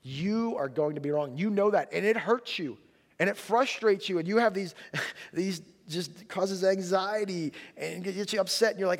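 Male pastor, fairly high voice, conversational sermon, punchy emphasis, long hall reverb. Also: normal speed. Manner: conversational preaching, rising emphasis on quotes.

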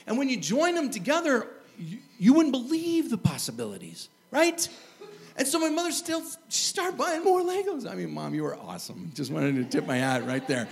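A middle-aged man preaching a sermon, telling stories with lively asides and chuckles. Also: very high voice, normal speed, vocal fry. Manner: lively storytelling, animated asides and laughs. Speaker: pastor.

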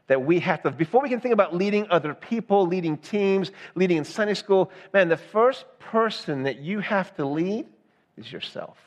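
A pastor from the Southern United States preaching a sermon, talking conversationally and often checking with the congregation with "right?". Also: male voice, on the high side, in a large hall.

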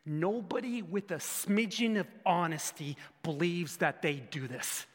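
Animated high-voiced male preacher. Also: slow pace. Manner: animated, rhetorical questions, bursts of shouting. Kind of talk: sermon. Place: church hall. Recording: echoey hall with long reverb.

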